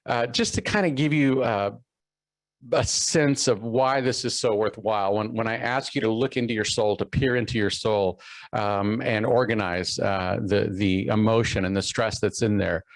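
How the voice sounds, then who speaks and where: Low gravelly guy telling his life story in a talk, lots of ums, dry close sound. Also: moderate pace, no room sound, low-quality recording. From Texas. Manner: storytelling with many fillers and restarts, acting out quoted voices. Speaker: keynote speaker. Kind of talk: personal story in a keynote talk.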